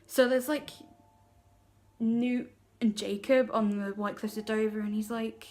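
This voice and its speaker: A woman's voice: on the high side, fairly even intonation, moderate pace, darkish tone. A young woman giving a casual film review vlog, gushing and giggly, and rambling with lots of fillers. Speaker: vlogger.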